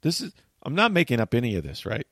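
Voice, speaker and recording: A man hosting a talk show, telling a long story in animated, chatty fashion and acting out what people said. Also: medium pitch, quick pace, vocal fry, husky, no echo, clean studio sound. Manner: tells long stories, acts out quotes.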